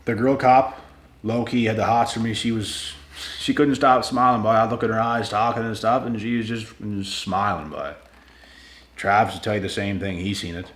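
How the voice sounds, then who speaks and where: A man telling a personal story to his viewers in a casual, animated way, slangy and swearing freely. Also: fairly low pitch, normal speed, reverberant.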